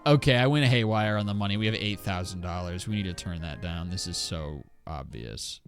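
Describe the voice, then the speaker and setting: A young man streaming a game, chatting and telling a story with lots of swearing and high-pitched impressions of others. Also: normal speed, soft background music. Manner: animated, swears freely, jumps into high mimicking voices. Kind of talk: casual live-stream storytelling while gaming. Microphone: desk mic.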